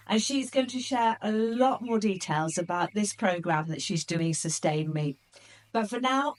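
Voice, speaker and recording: A woman hosting a podcast, telling a story to her listeners in an excitable, chatty way with plenty of fillers. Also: fairly low pitch. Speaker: podcast host.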